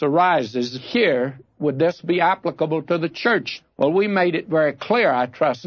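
A man's voice: fairly high pitch, slightly rough, no room sound, lo-fi sound. An older man teaching the Bible on radio, telling folksy stories and throwing out emphatic questions.

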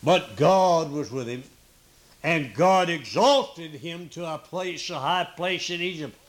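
A man preaching a sermon in a folksy, unhurried way, pausing often with "uh" and repeating key points for emphasis. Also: a little high.

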